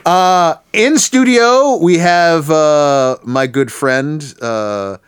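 A man's voice: a little high, very slow, smooth. A man hosting a casual podcast chat, joking and laughing often between remarks. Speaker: podcast host.

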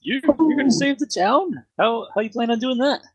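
A man's voice: high-pitched, big pitch swings, a little slow, vocal fry, husky, dry recording, pitched above the performer's own voice, heavily acted. A man voicing a shifty male pub owner in a jokey Canadian-style accent during a tabletop game. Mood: chummy. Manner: chummy, cheeky overcharging banter. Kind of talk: tabletop role-play voice.

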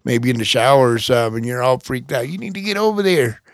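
A man in his sixties joining a casual podcast, blunt and joking, quick to swear. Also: mid-range voice, lively intonation, gravelly. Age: 60s. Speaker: guest, host's father. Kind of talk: casual chat. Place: home podcast studio.

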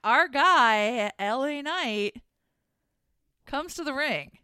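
Female co-host, playful deadpan humor, dry close recording. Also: sits high, extremely slow, clean tone, no room sound. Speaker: podcast co-host. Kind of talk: casual chat.

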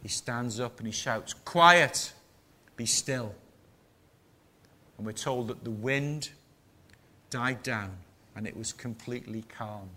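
A man preaching a sermon to his small congregation in a measured, emphatic manner with rhetorical questions. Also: lowish voice, steady tone, fairly bright tone.

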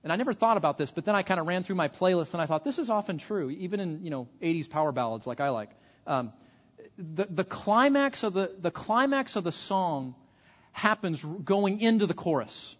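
A man with a fairly high voice delivers an earnest sermon, restarting his sentences with repeated words. He sounds like a pastor speaking to a congregation. The recording is muffled and carries a long hall echo.

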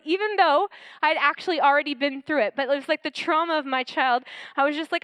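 A woman pastor giving an earnest, animated sermon and telling personal stories. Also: high voice, a little fast, dry recording.

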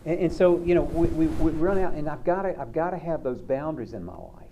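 A man's voice: on the high side, lively intonation, fairly quick, mellow, a little hiss or hum, rough recording. A man counselor giving a sermon-like talk, conversational and storytelling, often repeating words.

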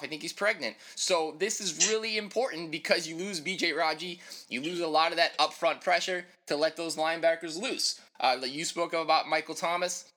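A man with a slightly high, bright and forceful voice talks football picks in quick casual chat. His takes come out brisk, opinionated and full of jokes. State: winded. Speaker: podcast co-host.

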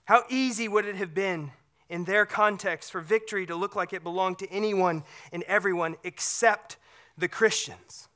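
Um pastor com timbre brilhante e incisivo prega com intensidade dramática. Alterna trechos fortes e enfáticos com passagens baixas e sussurradas, repetindo palavras quando recomeça as frases. O tom fica na altura média. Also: moderate pace. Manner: dramatic swings between loud emphatic and hushed low delivery; repeats words when restarting a phrase. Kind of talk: sermon.

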